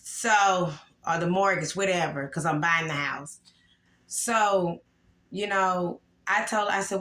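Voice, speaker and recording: Woman, 40s, angry vlog rant, bright tone, echoey room. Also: fairly low pitch, unhurried. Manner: emotional, repetitive, upset and angry. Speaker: vlogger. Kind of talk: casual vlog venting to viewers.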